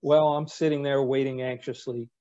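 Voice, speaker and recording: A man in his sixties, a retired navy captain, telling anecdotes in a wry, relaxed way with casual fillers. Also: mid-range voice, moderate pace, lo-fi sound. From United States. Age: 60s. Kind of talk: anecdotal storytelling talk.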